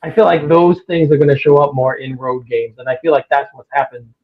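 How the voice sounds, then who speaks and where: A man's voice: mid-range voice, fairly quick. A man co-hosting a casual sports talk show, opinionated and getting worked up as he talks. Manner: opinionated, gets worked up and animated. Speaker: podcast co-host. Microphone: remote call over a livestream. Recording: tinny phone-like line.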